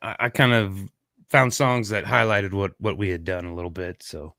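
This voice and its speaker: A man's voice: deep voice, steady tone, normal speed, creaky, sharp tone, no room sound, studio quality. A man co-hosting a podcast, chatting casually in a laid-back, rambling way that trails off and restarts. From Kansas, USA. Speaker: podcast co-host. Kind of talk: casual chat.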